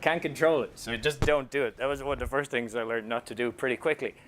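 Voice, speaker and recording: Irish man, thirties, comic storyteller at a lectern, faint low rumble under the voice. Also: fast talker, a bit bright. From Ireland. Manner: self-deprecating, joking storyteller. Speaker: author giving a talk. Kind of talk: comic public talk.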